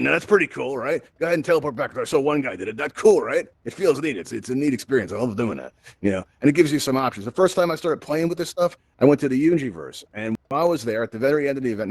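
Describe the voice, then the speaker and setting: A man's voice: medium pitch, dry recording. A man hosting a live virtual reality event, walking the crowd through the controls in an upbeat, chatty way and often asking "right?". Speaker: VR event host. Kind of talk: live instructional walkthrough. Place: virtual reality social space.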